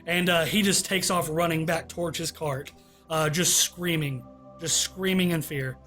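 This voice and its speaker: Guy gm narrating a tabletop game, high voice, lots of uhs, soft music behind. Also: steady tone. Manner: halting narration full of uh fillers. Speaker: game master.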